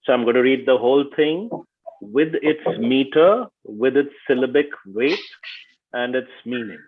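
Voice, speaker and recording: A man leading an online workshop, speaking slowly and deliberately and stressing each syllable as he reads. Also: mid-range voice, lively intonation. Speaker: workshop facilitator. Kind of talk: online teaching session. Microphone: video call. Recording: tinny video-call audio.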